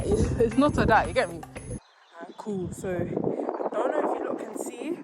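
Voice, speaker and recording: Chatty young London woman, music underneath. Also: fairly high pitch. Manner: chatty slang-heavy, laughing nervously. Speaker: vlogger. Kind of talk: casual vlog chat. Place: outdoors at a park with dogs. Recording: background music over voice.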